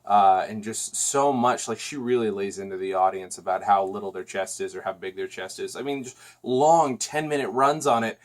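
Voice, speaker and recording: A man's voice: lowish voice, moderate pace, few pauses. A man hosting a podcast, talking casually and reviewing on his own, rambling, with many restarts and fillers. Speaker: podcast host.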